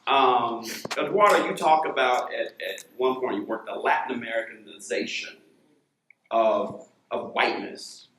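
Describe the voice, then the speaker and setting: A man moderating a university panel, telling family stories in an animated way before putting a question to a panelist. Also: mid-range voice, unhurried, echoey room, slight background noise, low-quality recording. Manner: animated, acts out quoted voices. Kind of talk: storytelling then posing a question. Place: lecture hall.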